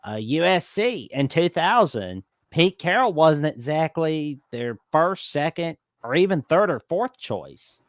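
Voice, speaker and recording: A man hosting a casual college football talk show, animated and given to mock-scolding asides. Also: a little high, a little slow, hardly any pauses, dry recording, clean studio sound.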